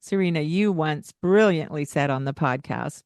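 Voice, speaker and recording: A woman with a slightly low voice co-hosts a casual parenting advice podcast, talking animatedly and playfully and breaking into singsong greetings as she acts out speaking to children. She speaks at normal speed, and the sound is dry and close with no echo.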